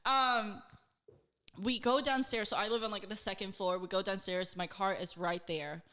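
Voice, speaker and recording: Bright, animated woman telling a story. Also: medium pitch, moderate pace. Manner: animated, heavy use of "like", swears freely; acts out quotes in her own voice. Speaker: co-host. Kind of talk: casual storytelling chat.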